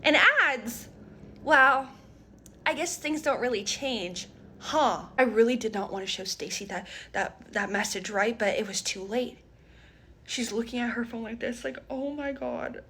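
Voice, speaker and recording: A woman telling a workplace story in a storytime skit, animated, dropping to whispers and rising again. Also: fairly high pitch, measured pace, slightly rough. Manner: animated, switching between whispers and raised voices.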